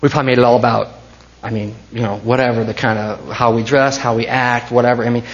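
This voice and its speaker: A man preaching a sermon as pastor, swinging between hushed intensity and rising passion. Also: mid-range voice, little pitch movement, quick pace, muffled recording.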